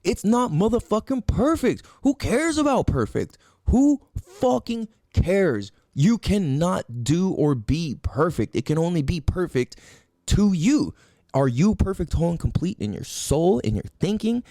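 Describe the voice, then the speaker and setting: A man with a slightly high voice hosts a solo podcast at a normal speed, recorded clean in a studio with no echo. He goes on a profane, animated, rambling rant packed with emphatic rhetorical questions.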